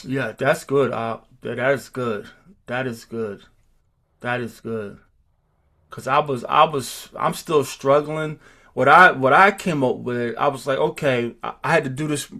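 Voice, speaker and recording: Halting man teaching a class. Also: medium pitch, steady tone, creaky, sharp tone. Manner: halting, repeats words, thinking aloud. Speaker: teacher of a Hebrew roots class. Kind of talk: informal group lesson.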